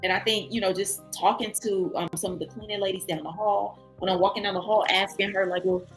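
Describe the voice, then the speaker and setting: A woman's voice: medium pitch, brisk, soft background music. A woman telling a travel story in a casual vlog, acting out other people's voices. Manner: animated, acts out other people's voices in quotes. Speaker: travel vlogger.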